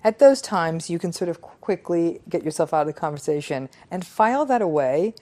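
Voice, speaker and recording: A middle-aged woman speaks with a slightly low voice. She is a psychologist who reads viewer comments aloud and reflects on them in an earnest, emphatic, measured way. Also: animated, mellow. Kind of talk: reflective talk on relationships.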